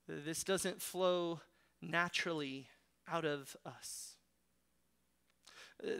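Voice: medium pitch, a bit bright. A preacher giving an expository sermon in an emphatic, exhorting way, with rhetorical questions.

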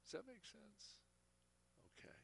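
A man's voice: measured pace, slight background noise. A man teaching a Bible class, speaking earnestly and often repeating words as he talks. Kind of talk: church teaching talk.

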